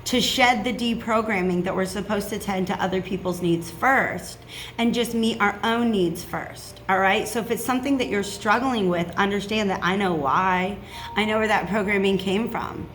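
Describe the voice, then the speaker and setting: A woman's voice: mid-range voice, moderate pace, fairly bright tone, soft background music. A woman giving a casual tarot reading, chatty and reassuring, checking in with "okay?" often. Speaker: tarot reader.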